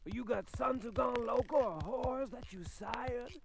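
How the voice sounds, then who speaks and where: A man's voice: extremely high pitch, creaky, voice pushed up, full character voice. A man voicing a mysterious voice on a line that fires off pushy rhyming questions. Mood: pushy, shouting. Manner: rapid rhyming interrogation, shouted.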